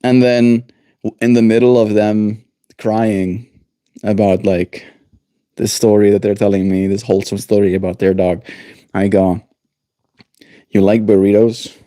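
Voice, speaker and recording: Low, mellow-voiced male streamer. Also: a little slow, no room sound, studio quality. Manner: relaxed, rambling, chuckling. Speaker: livestream host. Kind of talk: casual chat.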